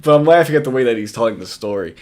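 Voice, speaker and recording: A man's voice: medium pitch, animated, very fast, a little mellow. A man giving casual, profane reaction commentary on a video clip, laughing often and mocking what he watches. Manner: casual, laughing often, profane, repeats clips in mock voices. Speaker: commentary host.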